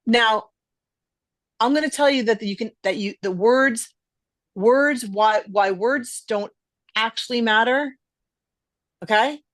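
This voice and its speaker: A woman's voice: on the high side, takes it slowly, pauses often, fairly bright tone, no room sound. Middle-aged female podcast host, emphatic delivery, dry close-miked sound. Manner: emphatic, stresses words. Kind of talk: casual podcast conversation.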